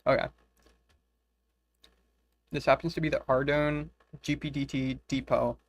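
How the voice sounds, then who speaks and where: A man's voice: medium pitch, fairly even intonation, measured pace, dry recording. A man casually commenting on a game he is playing, swearing freely and reading the quest guide aloud. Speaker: game streamer. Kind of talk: casual let's-play commentary.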